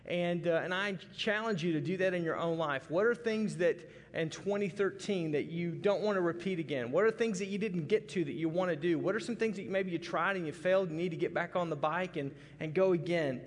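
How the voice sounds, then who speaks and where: A man's voice: high-pitched, a little fast, hardly any pauses. A man from Arkansas preaching a folksy, conversational sermon with many restarts. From Arkansas, USA. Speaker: pastor. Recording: long hall reverb.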